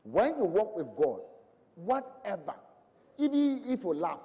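Male preacher, high animated voice, impassioned sermon, long hall reverb. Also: unhurried, lo-fi sound. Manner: impassioned, swings between loud proclamations and hushed lines.

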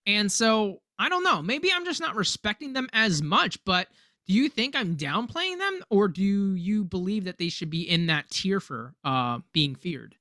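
A man's voice: sits high, sing-song, moderate pace, sharp tone, no room sound, clean studio sound. A man in casual podcast chat, ranting animatedly and swearing, sometimes mimicking others in a mocking voice. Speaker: podcast co-host. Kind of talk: casual chat about fantasy football.

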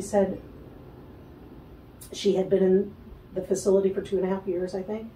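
A woman telling a personal story as a guest in an interview, animated, acting out the voices of other people and laughing often. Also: medium pitch, normal speed, long pauses, roomy sound, distant mic, slight background noise, rough recording. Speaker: guest, spiritual healer.

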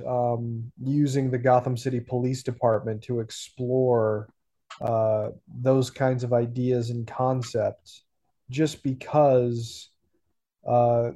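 A man co-hosting a podcast, talking about a cartoon in a measured, thoughtful way with filler pauses. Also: medium pitch, warm tone. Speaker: podcast co-host. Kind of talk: casual chat about a cartoon episode.

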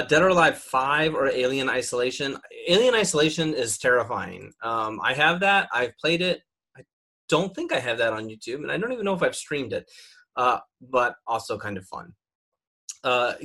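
A young man with a bright, forceful voice chats loosely through a bracket of video games, stopping often on ums and likes. He sounds opinionated and relaxed, like a streamer talking off the cuff. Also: mid-range voice, normal speed. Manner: rambling, filler-heavy, opinionated. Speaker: gaming podcaster and streamer. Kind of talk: casual chat.

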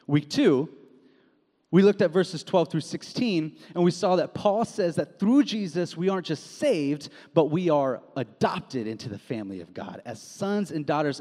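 A young man preaching a sermon as a pastor, casual and animated, telling stories with slang. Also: a little high. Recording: long hall reverb.

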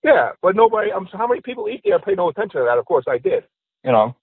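A man's voice: sits high, racing, breathy edge, no room sound. A man, a stand-up comedian, telling jokes in a casual podcast chat and acting out the characters in them. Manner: animated storyteller acting out joke characters. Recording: tinny phone-like line.

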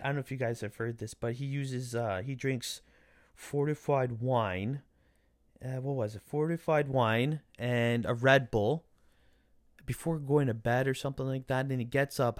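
A man hosting a football vlog, recapping matches in a casual, animated way, swearing freely as he rants. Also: mid-range voice, no echo, studio quality.

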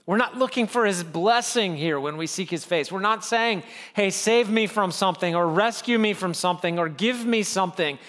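A man's voice: high-pitched, normal speed, few pauses, a bit bright, long reverb tail. A middle-aged man preaching a sermon as a pastor, earnest and pleading, often repeating phrases for emphasis.

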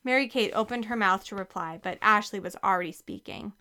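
Bright, clear woman reading aloud. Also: mid-range voice, a little fast. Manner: lively, expressive reading. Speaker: audiobook narrator. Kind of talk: scripted narration.

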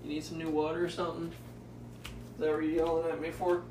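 A man with a slightly high voice talks fast in a completely flat delivery over a noisy background. He's hosting a casual solo podcast, rambling, swearing, and self-mocking.

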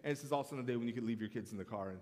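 A man's voice: mid-range voice, racing, a little mellow, big-room sound. A man preaching a sermon as pastor, telling stories and calling for amens from the congregation. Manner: storytelling preacher, calls for amens.

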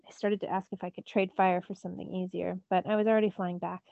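A woman's voice: on the low side, little pitch movement, fast, gravelly, hardly any pauses, no echo, phone-quality sound. A teacher reading a novel aloud to her students, narrating expressively in the first person. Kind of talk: storybook read-aloud.

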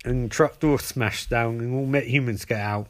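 A man's voice: medium pitch, normal speed. A man retelling a show in a rambling, comic way, with many fillers. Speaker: show recapper. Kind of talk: comedic show recap.

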